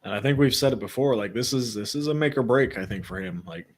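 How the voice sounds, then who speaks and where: A man co-hosting a podcast, asking quick questions and making blunt, joking remarks about wrestling. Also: medium pitch, lively intonation. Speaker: podcast co-host. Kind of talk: casual wrestling chat.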